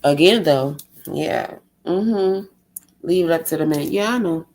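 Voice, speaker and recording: A woman's voice: lowish voice, unhurried, darkish tone, rough recording. A woman ranting in a profane monologue, exasperated and sarcastic, firing off rhetorical questions. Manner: exasperated, sarcastic, heavy swearing; fires rhetorical questions, mocks others in a put-on tone. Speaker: vlogger.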